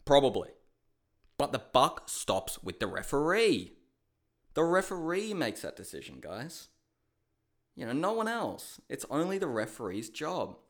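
A man's voice: mid-range voice, unhurried. A man giving a casual, profane fight recap monologue, ranting and calling his viewers "guys.". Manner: animated, shouts reenacted outbursts. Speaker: MMA commentary host.

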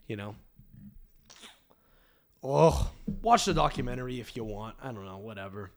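A man's voice: fairly low pitch, lively intonation, normal speed, pauses often. A young man hosting a podcast, ranting comedically with lots of swearing and laughter. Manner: profane, laughing, rambling. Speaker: podcast host. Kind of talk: casual comedic rant.

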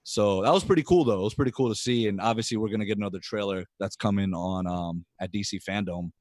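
A man co-hosting a casual group podcast, excitable and swearing, acting out quoted lines. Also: fairly low pitch, fast, no room sound. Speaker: podcast co-host.

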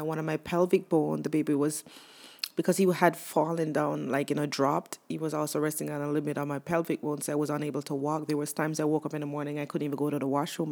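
Candid young mother, low voice. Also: vocal fry, darkish tone. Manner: candid, emotional, many fillers. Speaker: mother sharing her story. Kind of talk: personal testimonial.

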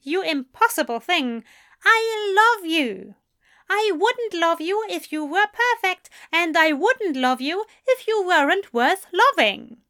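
A woman voicing a gentle male angel who speaks with emphatic, drawn-out affection. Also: extremely high pitch, expressive, pitched above the performer's own voice, heavily acted. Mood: tender. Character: fond, gentle male angel, scolding tenderly.

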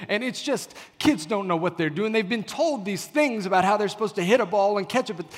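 Pastor guy telling a story from the pulpit, kinda high voice, acts out the dialogue, big church echo. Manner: animated storyteller acting out dialogue. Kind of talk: sermon storytelling. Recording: long hall reverb.

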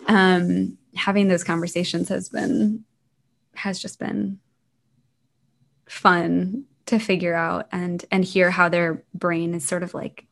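A woman who teaches young children online, telling stories from her classes in a casual, animated way. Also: on the low side, slow, vocal fry. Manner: animated, acts out the children's lines. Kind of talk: casual interview storytelling.

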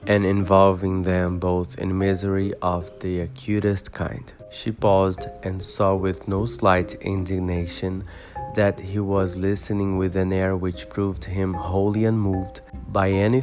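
A man reading a classic novel aloud as audiobook narration, steady and even. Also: low-pitched, measured pace. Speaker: audiobook reader. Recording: guitar music behind voice.

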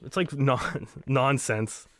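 A man's voice: medium pitch, slow, a bit bright. A man, co-hosting a casual podcast and joking as he steers the chat. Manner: jokey, steers the talk. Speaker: podcast co-host.

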